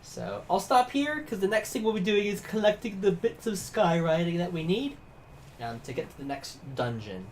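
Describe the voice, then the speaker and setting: A woman's voice: mid-range voice, lively intonation, normal speed, slight background noise. A woman streaming a video game, chatting playfully and giggling between lines. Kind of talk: casual gameplay commentary.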